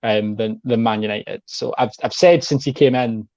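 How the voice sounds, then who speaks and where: A man's voice: medium pitch, steady tone, normal speed, a little mellow, dry recording, lo-fi sound. A man talking football as a guest, rambling and saying "like" a lot. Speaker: guest pundit. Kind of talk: casual chat.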